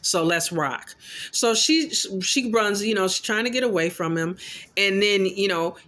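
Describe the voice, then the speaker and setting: A man casually recapping a horror film in an animated, loosely paraphrasing storytelling way. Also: high voice, normal speed. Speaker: film commentator.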